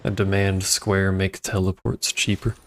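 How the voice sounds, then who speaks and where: A man's voice: deep voice, monotone, unhurried. A man streaming a video game, talking casually with wry grumbling and swearing. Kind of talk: casual gameplay commentary.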